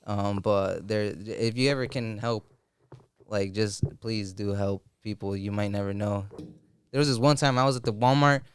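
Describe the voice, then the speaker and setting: A young man chats loosely on a podcast, circling his point with likes and slang. His voice is crisp and a bit low, close and dry on the mic. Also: normal speed, no room sound. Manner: rambling, full of likes and slang. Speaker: podcast host. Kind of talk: casual chat.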